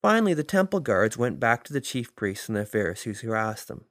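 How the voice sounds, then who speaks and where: A man's voice: fairly low pitch, big pitch swings, brisk, a bit bright, no echo. Emphatic man preaching in a dry room. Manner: vivid, emphatic storytelling. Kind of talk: sermon with scripture reading.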